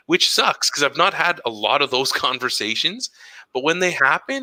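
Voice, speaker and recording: Bright-voiced male educator telling stories. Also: a little high, moderate pace, dry recording, poor audio. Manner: animated storytelling, acts out quoted dialogue. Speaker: podcast co-host, educator. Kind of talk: casual chat.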